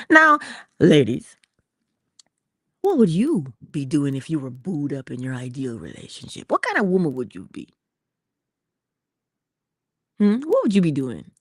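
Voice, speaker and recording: A woman's voice: lowish voice, big pitch swings, moderate pace, no echo, clean studio sound. A woman giving a motivational talk in a playful, theatrical manner. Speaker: inspirational speaker.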